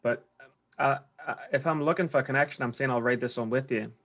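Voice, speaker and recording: Mid-pitched, fairly even and fairly bright, a Geordie-accented English man talks fast as he's coached on his trading. He rambles, restarts often and leans on slang.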